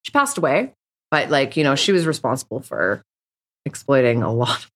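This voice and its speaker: A woman with a notably low voice speaks frankly as a podcast guest. She rambles, restarts her sentences and talks bluntly. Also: big pitch swings, moderate pace, fairly bright tone. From Canada. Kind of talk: candid interview conversation.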